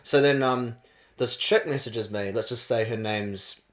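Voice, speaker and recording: A young man from New Zealand with a New Zealand accent, co-hosting a podcast and telling a story in casual chat, getting animated and laughing as it goes. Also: mid-range voice, measured pace. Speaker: podcast co-host.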